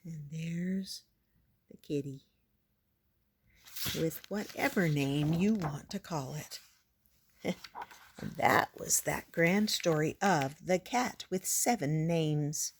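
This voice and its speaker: An older woman reading a children's picture book aloud as a grandmother storyteller, in a gentle manner. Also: low-pitched, slight background noise. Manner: gentle, slow read-aloud.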